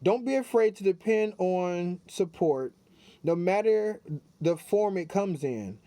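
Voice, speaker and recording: A man's voice: high-pitched, lively intonation, slow pace, warm tone, no room sound. A man doing a casual spiritual tarot card reading, chatty and repetitive, talking straight to his viewers. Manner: chatty, repeats himself, talks straight to viewers. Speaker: tarot reader.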